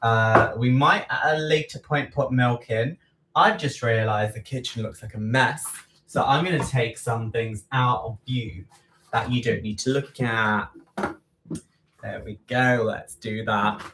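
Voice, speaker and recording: A man's voice: medium pitch, a little slow, far from the mic. A man talks casually as he bakes, rambling along and correcting himself mid-sentence. He sits back from the mic, so his voice carries the roomy echo of a home kitchen. Faint background noise and clicks sit under his talk. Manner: rambling, self-correcting, chatty asides. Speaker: baking livestream host. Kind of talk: casual chat while baking.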